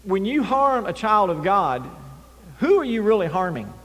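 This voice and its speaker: A male pastor preaching a sermon, animated, swinging between loud emphasis and near-whispers. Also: high-pitched, moderate pace. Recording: long hall reverb.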